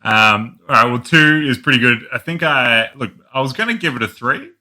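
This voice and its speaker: Blunt male podcast critic, very bright tone, casual. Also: medium pitch, animated, normal speed. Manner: blunt, critical, easy laughs. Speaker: podcast co-host. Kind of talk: casual film review chat. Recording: quiet, softly recorded audio.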